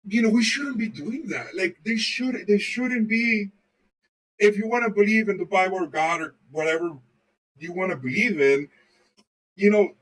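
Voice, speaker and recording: A man's voice: high voice, moderate pace, fairly bright tone, far from the mic, poor audio. A man co-hosting a podcast, chatting casually and telling loose, profane stories full of swearing. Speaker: podcast co-host. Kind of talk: casual chat, rambling storytelling.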